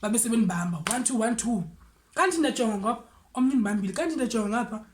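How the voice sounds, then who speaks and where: Young woman, Xhosa South African accent, casual storytime vlogger, animated. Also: on the high side, very fast. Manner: switches between English and Xhosa, animated retelling. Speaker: vlogger telling a personal story.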